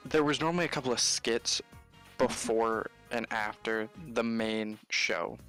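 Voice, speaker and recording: A man co-commentating on a game stream, telling a rambling anecdote in a relaxed, casual way. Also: mid-range voice, a little slow, soft background music. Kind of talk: casual storytelling.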